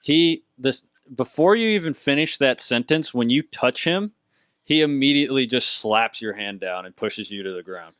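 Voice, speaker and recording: A man running a tabletop game, describing scenes and asking the players questions. His voice is smooth and clear, and the recording is dry and close. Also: mid-range voice, lively intonation, moderate pace, a bit bright, dry recording. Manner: questioning, plays the monsters himself. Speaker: game master.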